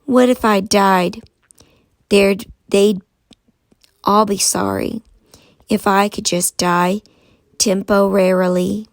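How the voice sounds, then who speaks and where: A woman voicing a bold, boastful young schoolboy in a read-aloud storybook, with a folksy drawl and a gravelly edge. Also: mid-range voice, fairly even intonation, takes it slowly, pauses often, no room sound. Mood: daydreaming.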